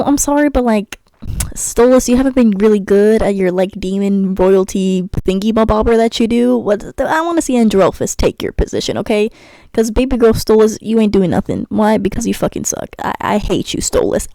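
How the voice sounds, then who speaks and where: Exasperated young woman ranting, sighs a lot, warm tone, dead dry room. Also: mid-range voice, a little fast, no echo, rough recording. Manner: exasperated, sassy, sighing and stammering. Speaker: YouTuber reviewing a cartoon episode. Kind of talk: ranting commentary while gaming.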